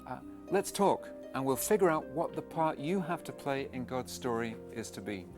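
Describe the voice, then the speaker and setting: A man voicing Jesus as a kindly, eager teacher inviting people in, in a warm, friendly tone. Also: medium pitch, expressive, moderate pace, over music, close to an everyday voice. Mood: welcoming.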